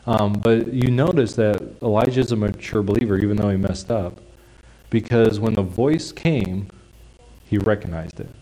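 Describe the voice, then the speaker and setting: A male preacher giving a sermon in a conversational, explanatory way, dropping into soft hushed tones for quiet phrases. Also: lowish voice, low-quality recording. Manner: conversational, drops to a soft hush for quiet lines.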